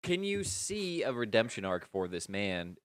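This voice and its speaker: An American man co-hosting a casual podcast chat, talking in an animated way with restarts and jokes. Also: on the low side, a little slow, no echo. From United States. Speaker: podcast co-host.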